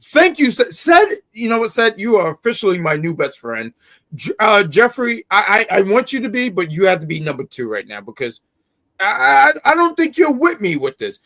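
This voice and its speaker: A male co-host on a wrestling review stream whose voice swings widely in pitch. He rants in theatrical mock outrage and breaks into yelling. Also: huge pitch swings, moderate pace. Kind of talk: livestream chat.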